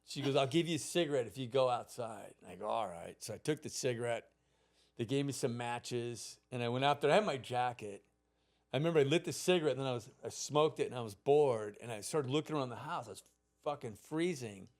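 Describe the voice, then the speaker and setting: A man's voice: mid-range voice, a little fast. A man in his fifties, a podcast host, telling a childhood story in casual, profane chat and acting out the people in it.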